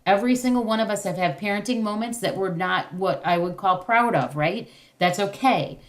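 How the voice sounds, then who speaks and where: A woman's voice: medium pitch, a little fast. A woman leading a parenting class over a video call, encouraging, with many fillers and restarts. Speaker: parenting workshop facilitator.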